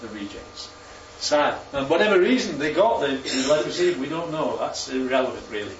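A man's voice: medium pitch, animated, moderate pace, a little hiss or hum. A man preaching a sermon, often putting questions to his congregation and repeating the answers back. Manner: interactive, asks the congregation questions. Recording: roomy, distant, muffled hall recording.

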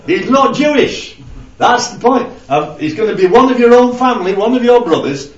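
A man's voice: extremely high pitch, animated, moderate pace. A man leading an informal Bible study with a small group, talking conversationally and often checking in with "right?" and "yeah?". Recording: roomy, distant, dull lo-fi recording.

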